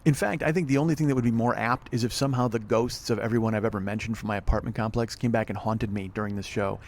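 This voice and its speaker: A man's voice: lowish voice, steady tone, quick pace. A man hosting a solo podcast outdoors by an apartment pool, frustrated and swearing as he rambles. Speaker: podcast host. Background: wind and planes overhead.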